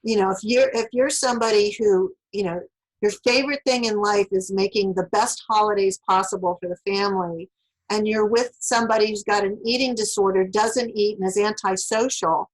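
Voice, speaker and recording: A woman's voice: mid-range voice, fairly even intonation, brisk, poor audio. Woman author giving relationship advice. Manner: explains through worked examples, acts out spoken lines. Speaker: author and interview guest. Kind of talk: conversational advice in an interview.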